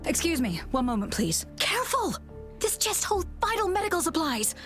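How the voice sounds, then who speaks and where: A woman's voice: very high voice, very animated, normal speed, fairly bright tone, soft background music, heavily acted. A woman with an English accent voicing a harried supply officer at a battle camp who gives commands urgently.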